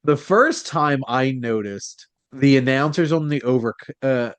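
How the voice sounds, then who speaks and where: A man co-hosting a casual podcast, excitable and jumping up in pitch when he quotes lines. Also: measured pace, clean tone, no echo. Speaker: podcast co-host. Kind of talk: casual chat.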